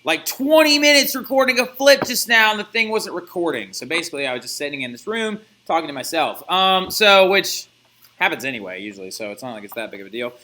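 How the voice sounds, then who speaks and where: A young man teaching a recorded history lesson in a chatty, animated way, with jokey asides. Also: fairly high pitch, quick pace, slight background noise. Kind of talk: recorded classroom lecture.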